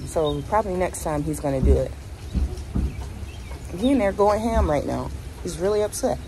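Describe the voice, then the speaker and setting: A woman's voice: lowish voice, animated, moderate pace, background noise. A middle-aged woman chatting casually to her vlog camera and venting candidly about her morning. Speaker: vlogger.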